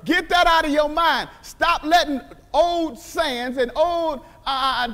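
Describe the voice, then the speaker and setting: High-voiced emphatic preaching man. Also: a bit bright, long reverb tail. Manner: emphatic, repetitive, exclaiming hallelujah. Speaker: pastor. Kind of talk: sermon. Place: church sanctuary.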